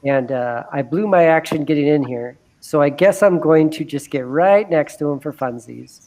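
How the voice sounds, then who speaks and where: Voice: medium pitch, moderate pace. A player in a live tabletop game, counting squares and asking the game master questions. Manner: lively, counting out moves. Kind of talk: casual game talk.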